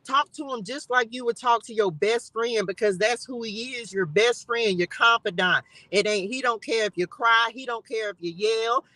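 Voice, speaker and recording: Woman, faith live-stream host, fervent repeated exhortations, crisp bright tone, dry sound. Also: a little high, normal speed, hardly any pauses, dry recording, poor audio. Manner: fervent, repetitive exhortation with laughs. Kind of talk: casual spiritual encouragement talk. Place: in a car. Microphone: live-stream device mic.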